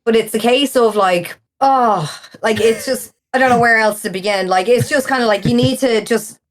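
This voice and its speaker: A woman, co-hosting a casual podcast chat, animated and ranting, swearing freely. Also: a little high, normal speed, slight background noise. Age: 40s. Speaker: podcast co-host.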